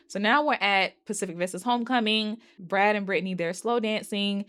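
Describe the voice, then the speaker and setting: Animated woman recapping a movie. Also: medium pitch, brisk, hardly any pauses. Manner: animated, acts out characters' lines in quoted voices; swears and talks back to the characters. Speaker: movie review vlogger.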